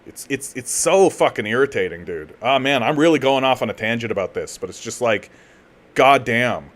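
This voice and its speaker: A man from Canada rants heatedly on his livestream, swearing often and tripping over his words as he restarts his sentences. His voice sits at a middle pitch. Between rants he reads out viewer comments and answers them in a looser, casual tone. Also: expressive, normal speed, a bit bright. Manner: profane, heated ranting with repeated restarts. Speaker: political commentary host. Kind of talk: livestream commentary, reading chat.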